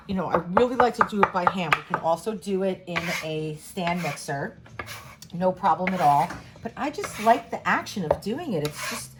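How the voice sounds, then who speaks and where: A woman's voice: lowish voice, noisy background. A middle-aged woman chef giving a casual home cooking demonstration, chatty and rambling, full of asides. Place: home kitchen.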